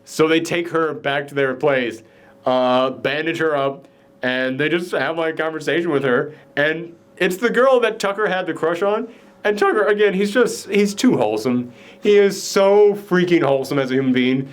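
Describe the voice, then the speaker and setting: A man with a fairly high voice hosts a relaxed movie review chat. He retells the story in an animated way, leaning on "like" as filler. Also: normal speed. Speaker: podcast host.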